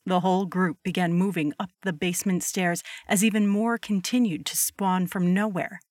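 A woman narrates a scripted horror story at a steady, measured pace. Her voice sits a little low and the recording is dry and close. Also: dry recording.

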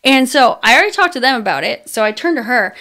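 Outspoken woman host, fairly high voice. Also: very animated, fast talker, pushed and bright. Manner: candid, swears freely, lots of fillers. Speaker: podcast host. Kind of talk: casual storytelling chat.

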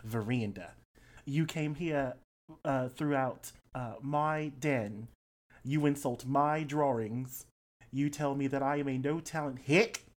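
A skinny, eccentric male fairy-lore expert, as a game master puts him on, speaking in a broad put-on Australian accent. He is grandiose and stretches out his key words in a mid-pitched voice. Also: takes it slowly, close to an everyday voice. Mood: indignant.

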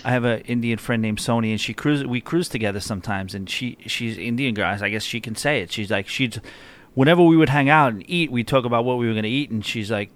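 A man's voice: mid-range voice, fast. A man hosting a podcast, chatting casually and asking loose, rambling questions. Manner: relaxed, laughing, asks rambling questions. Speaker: podcast host. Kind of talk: casual interview chat.

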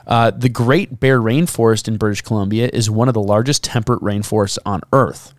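A man's voice: fairly low pitch, fairly quick, no echo, studio quality. A man co-hosting a podcast, reading out research notes in casual chat and dropping wry jokes between the facts. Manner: jokey, drops wry asides between facts. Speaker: podcast co-host.

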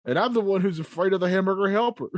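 A man's voice: sits high, quick pace, no room sound, clean studio sound. A man co-hosting a podcast in casual chat, teasing and laughing often. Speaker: podcast co-host.

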